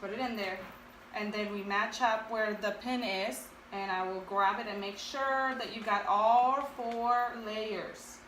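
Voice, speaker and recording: A woman's voice: mid-range voice, fairly even intonation, unhurried, fairly bright tone. Woman doing a laid-back sewing how-to, talks through each step, faint room hum behind. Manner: chatty, thinks aloud, self-deprecating asides. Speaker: sewing video host. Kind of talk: casual sewing tutorial.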